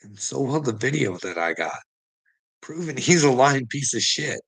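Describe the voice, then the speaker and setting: A man talks straight to his viewers in a loose, rambling vlog monologue, swearing freely. His voice is bright and pushed forward, and he keeps breaking into short laughs between lines. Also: medium pitch, big pitch swings, moderate pace, creaky, slightly rough. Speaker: channel host.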